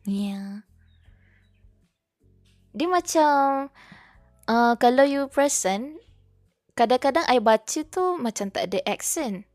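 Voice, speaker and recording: A talkative Malaysian woman with a Malay mother tongue chats on a live stream, flipping between Malay and English. Her voice sits a little higher than most, close and dry on the mic. Soft background music plays quietly underneath. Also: animated, slow pace, pauses often, dry recording. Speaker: VTuber streamer. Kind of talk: casual live-stream chat and reading aloud. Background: faint background music.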